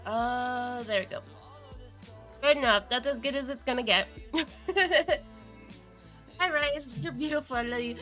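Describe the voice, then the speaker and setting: A young woman streaming live, chatting casually to viewers, giggly and excitable, with a cold and chewing cough drops. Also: high-pitched, measured pace, pauses often, soft background music. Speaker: VTuber streamer.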